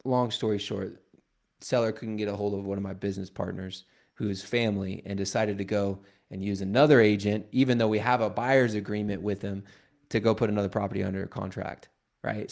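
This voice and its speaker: A man leading a real estate team, talking casually on a livestream and retelling stories with joking asides and quoted dialogue. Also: fairly low pitch.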